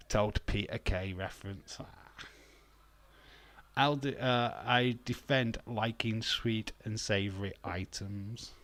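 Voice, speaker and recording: A man's voice: fairly low pitch, fairly even intonation, takes it slowly, a bit bright. A man hosting a live stream, chatting casually with viewers, teasing them and chuckling as he reads out their comments. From England. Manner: teasing, chuckling, banters with chat, muses aloud.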